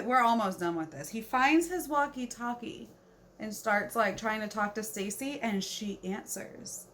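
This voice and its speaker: Blunt, slow-talking woman book vlogger. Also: sits high, fairly bright tone, slight background noise. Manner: blunt, incredulous, swears freely. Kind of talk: casual book review chat.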